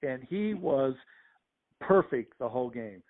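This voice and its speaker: A middle-aged man, a veteran sports official, spins lively stories and slips into the voices of the people he quotes. His voice sits at an ordinary middle pitch. It comes through a thin, tinny phone line. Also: a little slow. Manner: lively anecdotes, acts out the voices of others. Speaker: sports official, podcast guest. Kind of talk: conversational storytelling interview.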